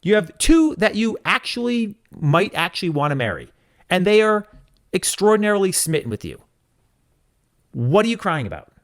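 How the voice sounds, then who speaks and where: A man's voice: high-pitched, very animated, normal speed. A man co-hosting a podcast, in casual chat, ranting in an emphatic, mock-stern way. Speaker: podcast co-host.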